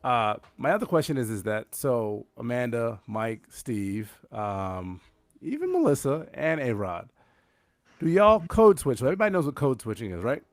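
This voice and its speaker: A man with a gravelly, creaky voice hosts a loose group chat and keeps pressing his guests with questions. The sound is dry and close, with no room behind him. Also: medium pitch, big pitch swings, moderate pace, no room sound. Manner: prodding, asks many questions. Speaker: podcast host. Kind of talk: casual group podcast chat.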